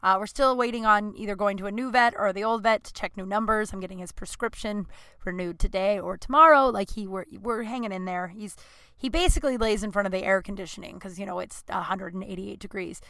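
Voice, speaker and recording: A bright, clear-toned woman in her thirties rambles through a casual podcast monologue, leaning on fillers and laughing at herself. She is recorded close and dry in a small closet at home, with no room sound around her. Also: mid-range voice, brisk, no room sound. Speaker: podcast host.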